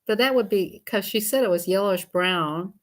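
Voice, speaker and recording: Brief: woman streamer, chatty and giggly, mid-pitched, talks to her chat. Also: moderate pace. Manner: chatty, laughs often, greets viewers. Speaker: livestream host. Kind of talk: casual livestream chat while coloring.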